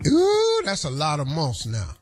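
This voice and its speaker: A man hosting a radio show, riffing in a loud, animated, jokey storytelling way. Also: sits high, normal speed, soft background music. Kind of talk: comedic radio talk.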